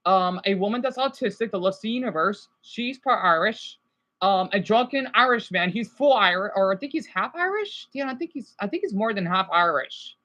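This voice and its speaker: A man's voice: high voice, expressive, normal speed, sharp tone, poor audio. A man chatting casually on a livestream from home, rambling between topics and swearing now and then.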